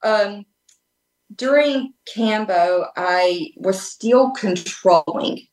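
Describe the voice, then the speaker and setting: A woman guest speaks over a remote call from an echoey room. Her telling is casual and earnest, full of restarts and fillers as she circles her story. Her pitch sits in an ordinary middle range for a woman. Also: extremely slow, a little mellow. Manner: rambling, with many restarts and fillers; earnest and open. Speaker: podcast guest.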